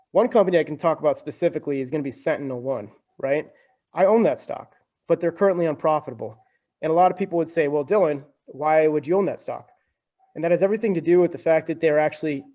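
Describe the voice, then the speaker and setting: A man's voice: on the high side, darkish tone. A young man as a podcast guest, explaining things in a talkative, casual way and often tagging sentences with "right?" and "like". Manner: talkative, keeps adding "right?" and "like".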